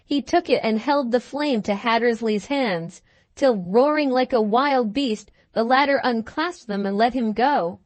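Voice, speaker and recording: A woman narrating a classic novel as an audiobook in a measured, steady way. Her voice sits on the higher side. The recording is dry and close, with no room sound. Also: no echo. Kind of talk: first-person audiobook narration.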